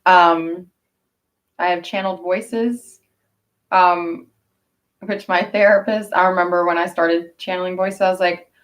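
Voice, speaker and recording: A woman's voice: on the low side, fairly even intonation, measured pace, pauses often. Woman, casual vlog chat, blunt and profane, rambling, slightly distant from the mic. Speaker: vlogger.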